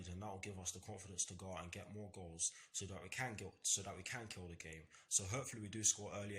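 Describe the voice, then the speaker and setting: A man's voice: lowish voice, fairly bright tone, slight background noise. A young man hosting a football fan vlog, talking earnestly in repetitive phrases with some stammering. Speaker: football fan channel host. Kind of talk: match preview vlog.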